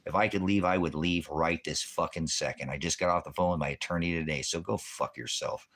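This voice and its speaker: A man's voice: deep voice, fairly quick, fairly bright tone. A man hosting a ministry livestream, ranting in a heated, profane, rambling way and quoting scripture. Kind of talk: angry livestream rant.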